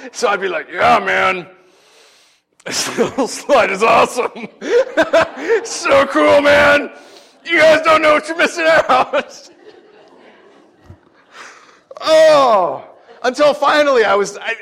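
Guy preaching a sermon, kinda high voice, goes from animated storytelling to earnest teaching. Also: gravelly. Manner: animated storytelling, lively swings in pitch and loudness; earnest and conversational when teaching. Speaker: pastor.

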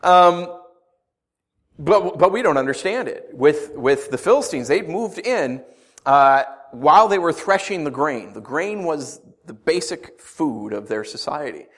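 In a fairly high, a bit bright voice, a middle-aged pastor preaches animatedly and without hurry. He reads scripture, then talks it through conversationally, adding asides and jokes.

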